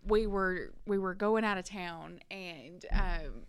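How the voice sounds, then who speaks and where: A woman, co-hosting a podcast and telling stories in a casual, animated way, laughing and building to loud peaks. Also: on the low side, slow pace, clean tone. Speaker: podcast co-host. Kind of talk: casual storytelling chat.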